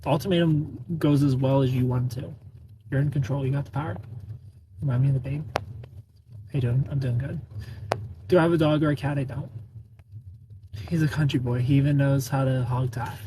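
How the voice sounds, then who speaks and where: A man's voice: mid-range voice, fairly even intonation, fairly quick, pauses often, background noise. A man chatting on a casual live stream, greeting viewers by name, playful and laughing often.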